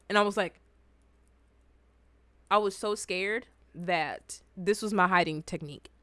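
A young woman tells funny childhood stories in a loose, chatty vlog manner, swearing freely and laughing as she goes. Her voice sits mid-pitch and sounds dry and close. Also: a little slow, long pauses, a bit bright, dry recording. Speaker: vlogger reacting to comments. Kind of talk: casual storytelling chat.

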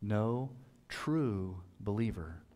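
A man preaching a sermon in church, earnest, swinging from loud fervent passages to soft, hushed lines. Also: fairly low pitch, animated, drawn-out words. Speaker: pastor. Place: church sanctuary.

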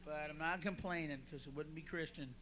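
A male stand-up comedian doing a profane, raucous set with sudden shouted bursts. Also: a little high, fairly even intonation, brisk, heavy background noise. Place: club stage at a rehearsal.

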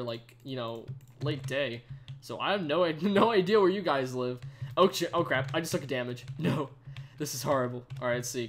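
Chatty young man streaming games. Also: mid-range voice. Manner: chatty, excitable, greets viewers, many fillers. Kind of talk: live gameplay commentary. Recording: faint keyboard typing behind.

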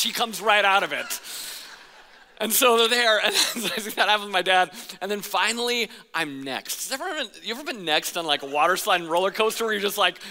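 Animated, bright-voiced pastor in a big hall. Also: male voice, sits high, fast. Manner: animated storyteller, acts out shouts and counting. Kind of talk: sermon with personal story. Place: church auditorium.

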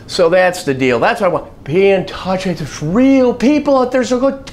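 A man's voice: sits high, very animated, normal speed, a little mellow, slight background noise. A man giving blunt, sarcastic, emphatic commentary on his own vlog. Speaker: vlogger. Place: Chicago.

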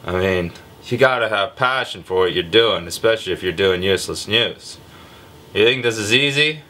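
A man hosting a comedic news vlog, sarcastic and irreverent, with a deliberately lazy, low delivery. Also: lively intonation, sharp tone. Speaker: vlog host.

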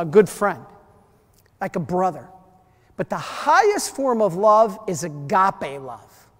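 A man giving a sermon as a priest at a parish mission, telling stories, acting out the voices in them and repeating his key phrases. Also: high-pitched. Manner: storytelling preacher, repeats key phrases, acts out quoted voices. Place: church. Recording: church hall reverb.

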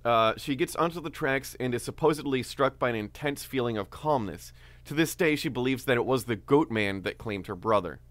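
A man co-hosting a podcast, telling a story in a relaxed, casual way with many fillers. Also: mid-range voice, brisk, no room sound. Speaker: podcast co-host.

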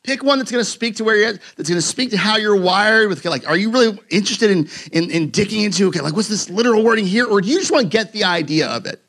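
A pastor preaches to his congregation in a church sanctuary, keeping it casual, joking, and conversational, with lots of fillers and restarts. His voice is high-pitched and fairly bright, with lively intonation, and he speaks fast with few pauses.

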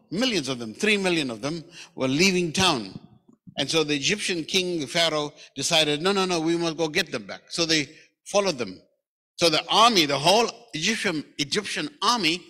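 South African pastor preaching in a reverberant church. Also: male voice, a little high, pushed and bright. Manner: storytelling, acting out quoted lines, conversational. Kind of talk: sermon. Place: church sanctuary. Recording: church hall with long reverb.

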